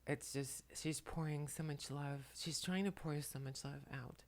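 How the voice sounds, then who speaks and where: A tearful woman at home, speaking to the camera in a soft, halting way while relaying messages, often dropping to a whisper. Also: sits low, fairly even intonation. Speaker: spiritual channeler and makeup vlogger. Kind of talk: emotional channeling talk to camera. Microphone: camera mic, speaking to the camera.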